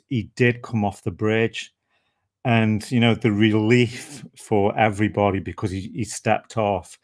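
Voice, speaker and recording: A man interviewing a guest, talking earnestly with many restarts and fillers. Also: fairly low pitch. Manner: earnest, halting with many restarts and "you know". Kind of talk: conversational interview.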